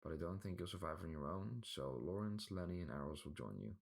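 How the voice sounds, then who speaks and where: A calm, steady leader who lays out plans in a very deep voice, as a man reads him out. Storybook hero's guide. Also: a little fast, gravelly, full character voice.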